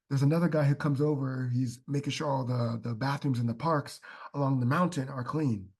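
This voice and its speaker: A man's voice: mid-range voice, steady tone, a little fast, hardly any pauses, a little mellow, breathy edge. A man, a podcast guest, chatting casually and telling heartfelt stories full of fillers. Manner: heartfelt storytelling, many fillers like "like".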